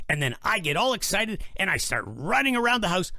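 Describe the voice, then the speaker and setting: Guy doing a goofy happy pet dog, real bright and bouncy, dry close sound. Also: high voice, very animated, fairly quick, dry recording, heavily acted. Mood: playful. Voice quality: chatty, bouncy, silly. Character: playful excitable male pet dog. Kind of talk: storybook narration.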